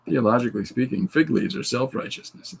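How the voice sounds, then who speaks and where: A man's voice: medium pitch, a little fast, creaky, slight background noise. A middle-aged man hosting a podcast, chatting casually and joking while he reads viewer comments and laughs at his own retellings. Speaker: podcast host.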